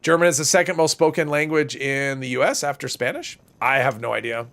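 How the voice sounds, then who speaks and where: A man's voice: medium pitch, brisk, gravelly, a bit bright. A man streaming a video game, rambling and thinking aloud in casual commentary, with a stuffy nose. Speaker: gaming streamer.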